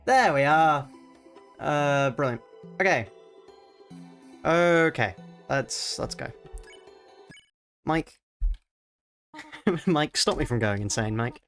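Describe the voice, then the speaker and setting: An Australian man streaming a game live, rambling and mocking himself as he thinks out loud at a home desk mic. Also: fairly high pitch, expressive, takes it slowly, pauses often, soft background music. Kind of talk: live let's-play commentary.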